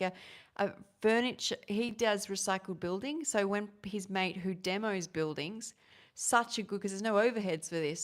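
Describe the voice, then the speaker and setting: A woman's voice: medium pitch, fairly bright tone. A woman, chatting casually and rambling through a live vegan recipe vlog. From Australia. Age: 30s. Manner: rambling, chatty, self-interrupting, quick laughs.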